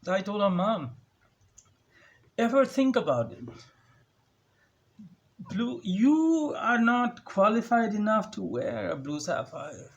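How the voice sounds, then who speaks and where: A man's voice: high voice, lively intonation, slow pace, pauses often, dull audio. A young man ranting sarcastically at home into a phone, mimicking others with a raised voice. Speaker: vlogger. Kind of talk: casual ranting monologue. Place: home, indoors.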